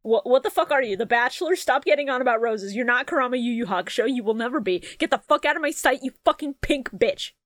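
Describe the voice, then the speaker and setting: A woman trades crude, laughing jabs in comedic podcast banter. Her voice sits high and swings widely in pitch. The sound is dry and close, with no room around it. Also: animated, no room sound. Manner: loud, profane, laughing, quick outbursts. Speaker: podcast co-host.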